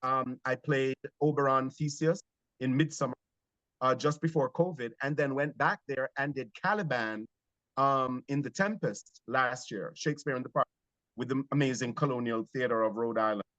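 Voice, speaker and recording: A man from Jamaica with a Jamaican accent, a theater actor telling stories in an interview, animated but hesitant. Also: mid-range voice, moderate pace, no echo, low-quality recording. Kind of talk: conversational interview.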